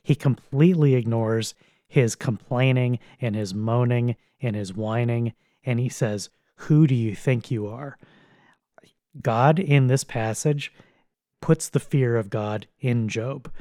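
A man's voice: medium pitch, a little slow, warm tone, dry recording, studio quality. A man teaching on a Bible passage in a casual, conversational and blunt way, with occasional chuckles.

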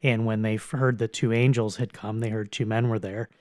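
A man's voice: on the low side, fairly even intonation, a little fast, a little mellow, no echo, clean studio sound. A man co-hosting a theological podcast, explaining earnestly with some restarts.

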